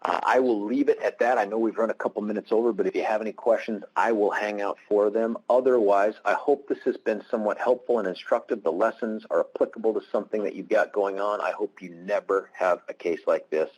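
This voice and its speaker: A man's voice: lowish voice, steady tone, a little fast, few pauses, a little mellow, slightly rough, low-quality recording. A man, a prosecutor, giving a webinar presentation over a computer mic, candid and anecdotal with self-deprecating humor.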